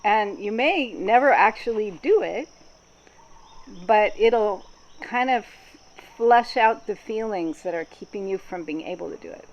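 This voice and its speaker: Calm woman leading a group workshop. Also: mid-range voice, unhurried, lo-fi sound. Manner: calm, explanatory, with frequent ums. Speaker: workshop facilitator.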